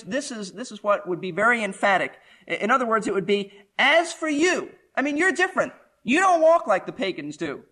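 Male preacher, high and bright, emphatic verse-by-verse sermon delivery. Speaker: pastor.

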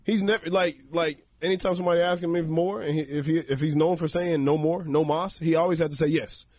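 A man jokes at his own expense on a podcast and laughs readily. His voice runs fairly high, and the recording is dry and close with no room echo. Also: steady tone, quick pace, darkish tone. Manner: playful, self-mocking, laughs often. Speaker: co-host. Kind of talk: casual podcast banter.

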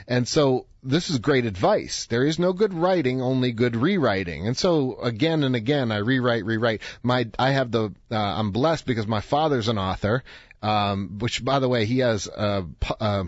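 A man's voice: medium pitch, dry recording. A man hosting a radio talk show, telling a story and acting out the voices of the people in it. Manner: conversational storytelling, acts out quoted voices. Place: radio studio. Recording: dry, slightly dull studio sound.

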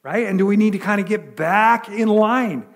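A man's voice: high-pitched, moderate pace, creaky, in a large hall. A male pastor preaching a sermon in a chatty way, full of repeated words and rhetorical questions.

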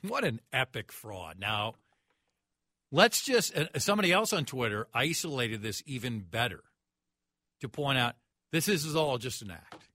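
A man's voice: medium pitch, sing-song, moderate pace, sharp tone, dry recording. A man hosting a sports talk radio show, ranting in a mocking, incredulous way.

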